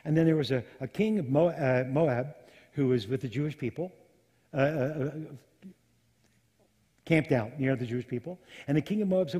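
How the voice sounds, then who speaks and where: A middle-aged man preaching a sermon, telling Bible stories with animated voices for the characters. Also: medium pitch, moderate pace, pauses often, slightly rough. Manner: animated storytelling, acting out biblical characters. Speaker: pastor. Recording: long hall reverb.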